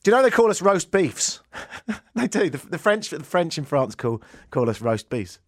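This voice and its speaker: Male radio host, English accent, slightly higher voice, self-deprecating and comic, dry studio mic. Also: very animated, normal speed, dry recording. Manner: jokey, self-mocking storyteller. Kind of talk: casual rambling radio monologue.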